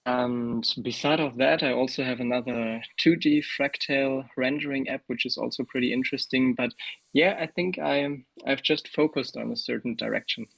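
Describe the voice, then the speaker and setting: A man being interviewed as a guest developer, talking in a relaxed, hesitant way with plenty of fillers. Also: medium pitch, normal speed, gravelly, poor audio. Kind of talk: casual interview over a call.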